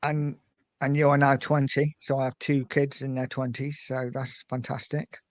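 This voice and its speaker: Middle-aged host with a dry close sound. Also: male voice, mid-range voice, level tone, normal speed, no echo. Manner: friendly, leading the conversation. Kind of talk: casual podcast chat.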